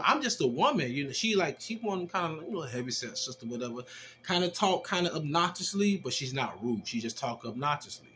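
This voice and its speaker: A man casually telling a personal testimony, animated and slangy, with rough language as he acts out the exchanges he describes. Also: a little high, slight background noise. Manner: animated, slangy and profane, acting out quoted exchanges. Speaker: storyteller giving a personal testimony.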